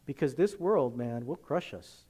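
A male pastor preaching a sermon emphatically, swinging from loud, forceful lines to hushed ones. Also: mid-range voice, lively intonation, a little slow, breathy edge.

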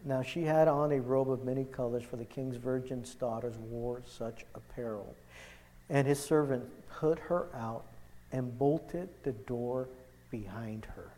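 A man preaching a sermon, impassioned, swinging from loud emphasis to hushed urgency as he retells a scripture story. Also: medium pitch, unhurried, big-room sound.

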